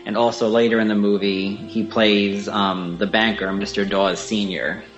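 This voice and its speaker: A man's voice: fairly low pitch, flat delivery, normal speed, dull audio, faint music behind. A man co-hosting a casual podcast, talking about film performances in an enthusiastic, rambling way with many fillers. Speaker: podcast co-host.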